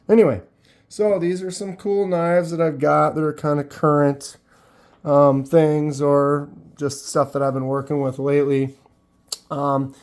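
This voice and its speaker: A man's voice: mid-range voice, darkish tone. A man hosting his own channel, casually demonstrating and chatting about gear with loose, rambling asides and frequent ums. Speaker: knife channel host. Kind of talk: casual hands-on product demo.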